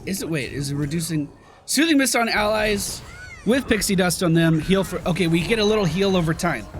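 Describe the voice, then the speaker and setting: A man's voice: high-pitched, expressive, a little fast, soft background music. A man giving casual let's-play commentary, chatting through the abilities as he plays and reacting to the action. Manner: chatty, explains abilities while playing. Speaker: gameplay commentator.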